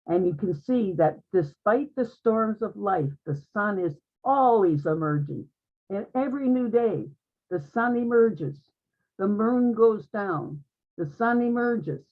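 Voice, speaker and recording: A woman giving an earnest, uplifting spiritual talk to an online group, often repeating her phrases. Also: mid-range voice. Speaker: guest speaker in an online group conversation. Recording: tinny phone-like line.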